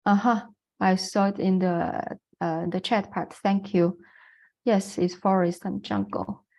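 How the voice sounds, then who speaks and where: A woman's voice: medium pitch, level tone, slow, creaky, darkish tone. A woman with a Chinese accent, a non-native English speaker, giving an online lecture on the Chinese language in a patient, explanatory way with frequent fillers.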